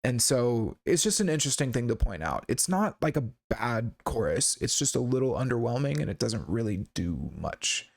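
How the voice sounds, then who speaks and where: A man's voice: medium pitch, very animated, moderate pace, gravelly, hardly any pauses. A man hosting a casual song breakdown, talking in a laid-back, rambling way with lots of fillers and restarts. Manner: laid-back and candid, with occasional swearing. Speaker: songwriting channel host.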